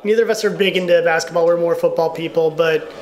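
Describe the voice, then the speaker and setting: A man's voice: fairly high pitch, fairly even intonation, fast talker, slight background noise. A man co-hosting a casual sports chat, rambling and laughing often as he talks over a live game. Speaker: podcast co-host.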